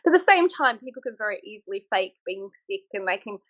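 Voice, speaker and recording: A woman's voice: medium pitch, fast. Frank Australian woman, lo-fi call audio. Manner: frank, animated storytelling with frequent laughs. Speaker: guest, former military instructor. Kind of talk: casual interview chat.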